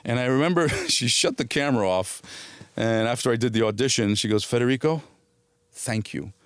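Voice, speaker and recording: A middle-aged man telling stories as an interview guest, at an average pitch for a man. He acts out the dialogue he quotes, with many restarts and a bit of casual swearing. The sound is close and dry, with no room echo. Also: a little fast, smooth.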